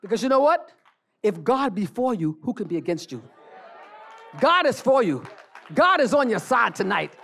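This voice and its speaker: A preacher delivering a fiery church sermon, repeating phrases, calling for the congregation to answer, and bursting into shouts. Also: mid-range voice, big pitch swings, moderate pace, vocal fry, pauses often, faint music behind.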